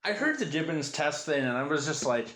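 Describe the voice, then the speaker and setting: Man, podcast co-host, short interjections, somewhat high voice, roomy echo. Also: very animated, brisk, a bit bright. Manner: brief agreeing interjections. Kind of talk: casual movie podcast chat.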